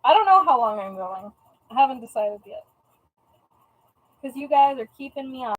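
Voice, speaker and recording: A woman's voice: high-pitched, expressive, normal speed, phone-quality sound. A young woman from the US West Coast chatting casually on a live stream while she packs orders at home, playful and talkative. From US Pacific time zone. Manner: chatty and playful, tries out joking Spanish phrases. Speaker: live-stream host and online shop seller.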